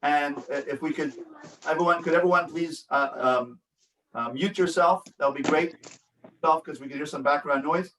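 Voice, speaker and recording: A rabbi teaches a parenting class over a video call, reading from a workbook in an online lecture, earnest and instructive, and acting out sample phrases with feeling. His voice is on the high side and fairly bright at a moderate pace. The rough recording sounds far from the mic in an echoey room with slight background noise.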